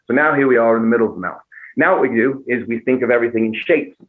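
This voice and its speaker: A man's voice: medium pitch, very fast. A man, a comedian and impressionist, chatting casually on a podcast and breaking into voices while he explains. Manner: animated, demonstrating voices as he explains. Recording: tinny narrow-band sound.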